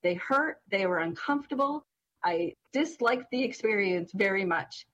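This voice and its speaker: Animated woman telling a funny story. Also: medium pitch, normal speed, lo-fi sound. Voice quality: distinctive voice. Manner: animated, laughs through her story. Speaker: co-host. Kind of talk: casual storytelling chat.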